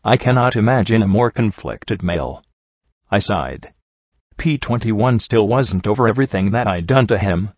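A man reads a story aloud in a low voice, quoting the characters lightly as he goes. The sound is dry and close, with a slightly muffled, dull quality. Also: animated, moderate pace, no echo. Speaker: narrator. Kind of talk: audiobook reading of fan fiction.

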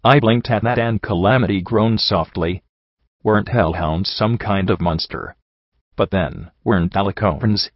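A man narrating a fan fiction audiobook in a steady, even storytelling manner. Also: lowish voice, unhurried, no echo. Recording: dull dry recording.

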